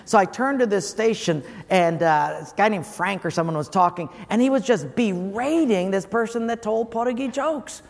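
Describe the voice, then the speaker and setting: A man preaching a humorous sermon as pastor, telling a story with lively energy and acting out the voices of the people in it. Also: high-pitched, moderate pace, gravelly, few pauses. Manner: animated, acts out quoted callers. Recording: long hall reverb, faint room noise.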